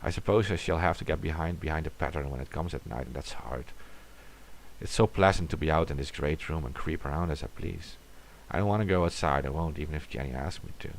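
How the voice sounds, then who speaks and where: Very deep gravelly man reading horror. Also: a little fast. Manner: dramatic reading, sometimes dropping to a whisper. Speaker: storyteller. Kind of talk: reading a horror story aloud.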